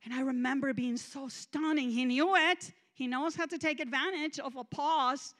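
A woman minister giving an emphatic, confessional testimonial sermon, swinging between loud declarations and hushed moments. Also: sits high, moderate pace. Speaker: guest minister.

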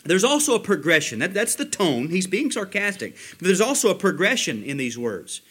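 A man preaching a sermon as pastor, slowing down to stress key words and quoting commentators. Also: high-pitched, sing-song, fairly bright tone, husky. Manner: emphatic, slows down to stress words, quotes commentators.

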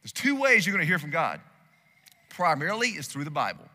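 Bright-voiced male pastor preaching in a hall. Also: a little high, huge pitch swings, fairly quick. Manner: emphatic preaching that swings between loud and hushed. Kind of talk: sermon. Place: church sanctuary. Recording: long hall reverb.

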